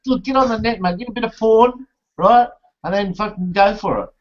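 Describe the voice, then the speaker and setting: A man's voice: high voice, fairly quick. A man in casual group chat on an online hangout, crude and blunt, swearing often and joking. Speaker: hangout participant. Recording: dull lo-fi call audio with faint noise.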